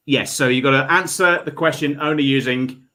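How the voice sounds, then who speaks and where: A man hosting a comedy panel quiz, reading out questions with quick asides and frequent laughs. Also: mid-range voice, sharp tone, rough recording. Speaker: quiz host. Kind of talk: casual online panel chat.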